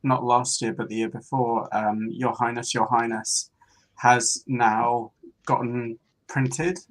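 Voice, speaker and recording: Slow, hesitant guest artist man. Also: mid-range voice, fairly even intonation, low-quality recording. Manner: hesitant, many ums, soft-spoken. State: coughing now and then. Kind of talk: casual chat.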